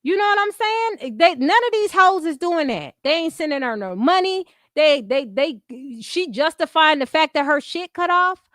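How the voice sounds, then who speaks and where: Blunt high-voiced woman ranting. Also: lively intonation, moderate pace, hardly any pauses, fairly bright tone, no room sound, studio quality. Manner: blunt, heavy profanity, repeats catchphrases. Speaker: commentary streamer host. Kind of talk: unscripted commentary rant.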